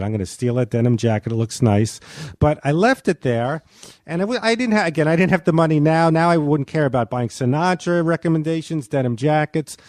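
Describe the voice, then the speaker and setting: A male comedian guest wanders through an anecdote, stalling and starting over with a wry, self-deprecating air. His voice sits a touch high and sounds dry and close. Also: a little mellow, dry recording. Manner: rambling, halting, self-deprecating. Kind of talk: casual podcast storytelling.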